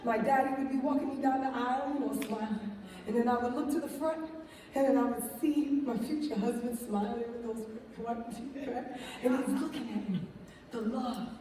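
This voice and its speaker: A woman tells her story to a live audience in a big, strongly echoing hall, heard from a distance off the mic. Her voice sits high, and she keeps it animated, laughing and checking in with the crowd as she goes. A faint crowd murmur runs underneath. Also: normal speed, slight background noise. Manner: animated storytelling, laughing, acting out quotes, asks "right?". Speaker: speaker sharing testimony. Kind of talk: lively testimony talk to a live audience. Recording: echoey hall from far off.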